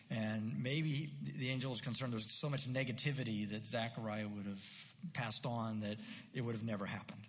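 A man's voice: medium pitch, steady tone, moderate pace. Musing male preacher in a reverberant hall. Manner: conversational, musing, with fillers. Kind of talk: sermon.

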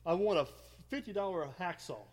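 A man in his late thirties co-hosting a casual podcast, an animated storyteller who gets fired up. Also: high-pitched, fairly quick. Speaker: podcast co-host. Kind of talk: casual chat. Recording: faint background noise, early podcast.

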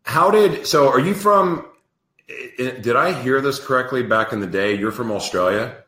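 A man hosting an interview show, talking in an animated, rambling way and laughing easily. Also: mid-range voice, moderate pace, reverberant. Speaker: host. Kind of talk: casual interview chat.

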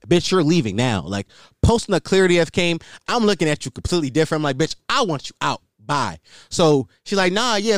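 Animated, crude-talking man telling a story. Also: a little high, dry recording, studio quality. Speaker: podcast host. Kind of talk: casual storytelling monologue.

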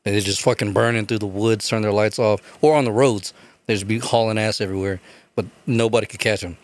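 A young man with a fairly low-pitched voice, hosting a loose podcast chat. He tells stories with a lot of energy, swears constantly and acts out every quote. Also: fairly even intonation, a little fast. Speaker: podcast host. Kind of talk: casual chat.

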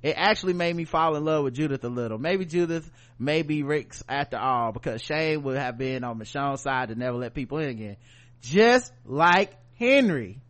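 A man co-hosting a podcast, recapping a TV show in casual, animated banter and laughing often. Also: medium pitch, fairly quick, few pauses. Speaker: podcast co-host.

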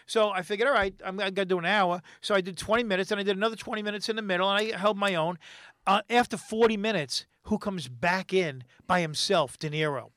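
A stand-up comedian telling a rambling, animated story as a guest on a casual chat show, restarting his sentences often. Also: sits high, fast talker, no room sound, studio quality.

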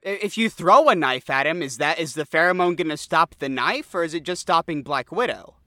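A man's voice: a little high, animated, brisk, sharp tone, dry recording, clean studio sound. A man co-hosting a podcast, mocking a film's plot in casual, incredulous chat. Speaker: podcast co-host. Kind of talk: casual movie review chat.

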